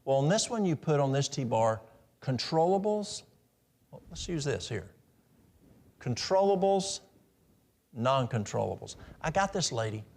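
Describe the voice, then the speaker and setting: A man's voice: medium pitch, big pitch swings, unhurried, long pauses, a little mellow. A middle-aged man giving a practical, story-filled health talk at a church in a folksy manner. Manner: folksy, practical, tells stories.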